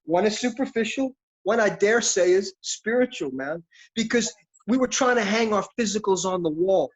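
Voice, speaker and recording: A man's voice: high-pitched, animated, moderate pace. A middle-aged man, an actor, talking in a reflective, philosophical, street-casual way in an interview. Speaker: actor guest. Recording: dull lo-fi sound.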